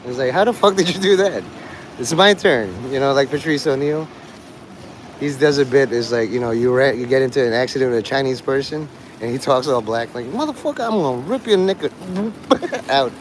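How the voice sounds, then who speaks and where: A man's voice: mid-range voice, a little fast, a little hiss or hum, rough recording. A man vlogging outdoors in a city street, rambling with sardonic asides. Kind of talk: rambling live street vlog.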